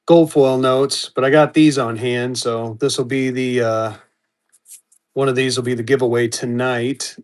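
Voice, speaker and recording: Male live auction host, rambling chatty delivery, slightly high voice. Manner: rambling and chatty, restarts, talks to viewers by name. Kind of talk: casual live-stream selling chat.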